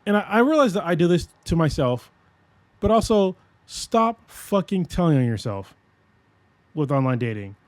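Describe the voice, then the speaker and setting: A man in his forties talks casually on a podcast, swearing freely and circling back through his own sentences. His voice sits a little high for a man. The sound is dry and close, with no room around it. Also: normal speed, no echo. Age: 40s. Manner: rambling, profane and animated, with many restarts. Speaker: podcast host. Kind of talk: casual chat.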